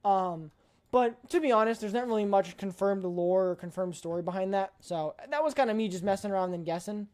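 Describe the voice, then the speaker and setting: A woman's voice: medium pitch, fairly quick, a little mellow. A woman streamer chatting casually on a live stream, emphatic and playfully blunt, often repeating her points.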